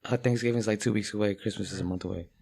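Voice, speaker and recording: Gravelly man telling a crude joke. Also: on the low side, steady tone, racing, mellow. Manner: profane, rambling storyteller. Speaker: rapper. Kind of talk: casual chat, telling a joke.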